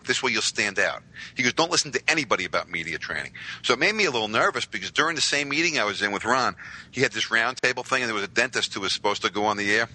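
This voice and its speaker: A man, telling stories as a podcast guest with lively voiced quotes. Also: medium pitch, rough recording. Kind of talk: casual storytelling.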